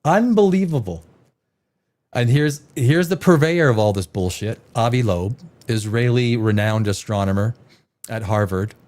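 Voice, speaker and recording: A man's voice: medium pitch, expressive, measured pace, darkish tone. A man hosting a live stream, reacting to headlines with sarcastic, rambling casual commentary.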